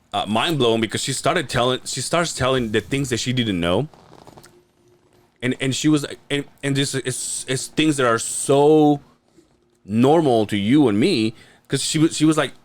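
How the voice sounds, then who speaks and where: Man in his late thirties, animated pitch, casual podcast chatter, swears freely. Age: 30s. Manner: animated, swearing, laughing storyteller. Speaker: podcast co-host. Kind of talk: casual chat.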